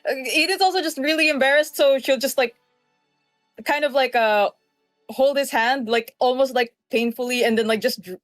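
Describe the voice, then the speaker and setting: A woman playing a tabletop game, chatting in an excited, rambling way with many fillers. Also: sits high, moderate pace, dry recording, faint music behind. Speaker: player. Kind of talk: casual chat.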